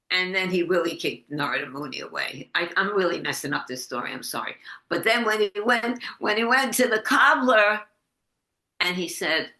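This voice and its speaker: Woman leading a class on a video call, bright tense voice, roomy echo, halting, restarts. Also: fairly low pitch. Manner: halting, restarts often, animated when quoting. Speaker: class leader. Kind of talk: casual storytelling in an online class. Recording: echoey video call audio.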